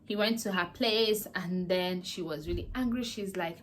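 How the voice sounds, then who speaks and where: A woman's voice: lowish voice, moderate pace, a little hiss or hum. A woman vlogger casually recapping a drama series, animatedly acting out the characters' lines. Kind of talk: casual chatty plot recap.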